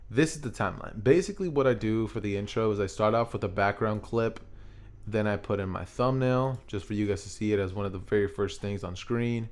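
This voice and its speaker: A man talking in a laid-back, rambling way, with fillers and self-mocking asides, as he explains his video-making process in a casual tutorial. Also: on the low side. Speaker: YouTuber. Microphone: XLR studio microphone.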